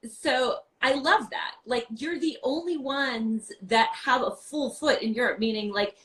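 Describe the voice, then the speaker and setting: A woman in her forties from New York, chatting animatedly as a guest on a video-call interview, full of quick asides and "like" fillers. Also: high-pitched, fairly bright tone, poor audio. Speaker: guest, wine podcast host. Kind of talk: casual interview chat.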